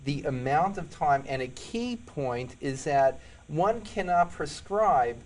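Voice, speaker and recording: A man's voice: a little high, expressive, slow, a little mellow, low-quality recording. New york guy, psychologist and cop, earnest storytelling on a talk show, keeps hammering key points. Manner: earnest storytelling, emphatic repetitions. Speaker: psychologist and police sergeant guest. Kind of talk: interview conversation.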